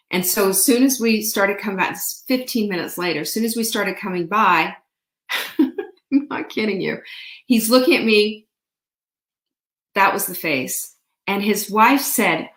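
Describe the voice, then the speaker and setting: Woman, host, casual storytelling, chatty, animated, playful, mid pitch, roomy echo. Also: moderate pace. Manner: chatty, animated, laughs often, playful asides. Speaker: show host.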